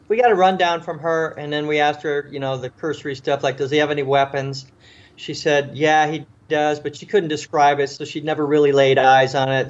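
A male police officer and author recounts a tense story in an interview, a vivid storyteller who acts out quoted voices, restarting often and repeating words. His voice is mid-range, and the audio sounds dull.

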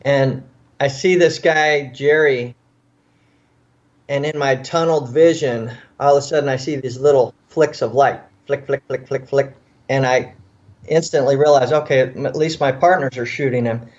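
A former police officer tells a personal story in an interview, his medium-pitched voice at normal speed coming through with lo-fi sound. His delivery is earnest and vivid, acting out what people said.

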